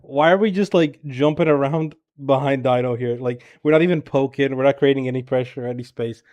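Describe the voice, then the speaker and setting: A man with a medium-pitched, darkish voice coaches a player through a review of their gameplay. He talks casually and rapidly, full of filler, dropping "bro" and "right?" constantly while bluntly, profanely criticizing the play.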